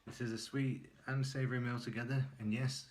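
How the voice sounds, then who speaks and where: A man's voice: medium pitch, little pitch movement, fairly quick, poor audio. A man hosting a casual cooking and eating vlog, chatty and self-mocking, chuckling often. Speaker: cooking vlogger.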